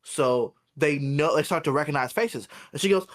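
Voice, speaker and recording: A man's voice: a little high, moderate pace. A man co-hosting a casual podcast, telling a work story with lots of swearing and acted-out customer voices. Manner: animated, acts out customers' voices, swears a lot. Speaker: podcast co-host.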